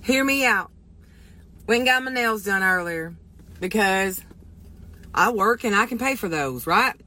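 A woman's voice: mid-range voice, animated, measured pace, bright, forceful tone. A woman giving a casual direct-to-camera opinion, telling a story in an indignant, opinionated way. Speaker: social media commentator.

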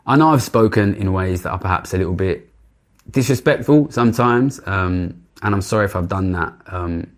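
Earnest young British man, low-ish voice, urgent direct appeal, halting restarts. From Britain. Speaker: commentator addressing politicians.

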